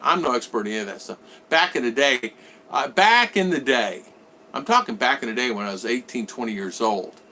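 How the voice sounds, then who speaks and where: A middle-aged American vlog host, still getting over a cold, rambles through a casual live stream from his home in the Philippines. He reads viewer comments aloud and fills gaps with lots of ums and uhs. His bright, forward voice sits at medium pitch, expressive and fairly quick, over faint background noise.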